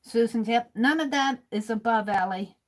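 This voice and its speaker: A woman hosts a livestream, reading viewers' comments aloud and chatting casually while she writes. Her voice is on the high side, and she speaks at a moderate pace.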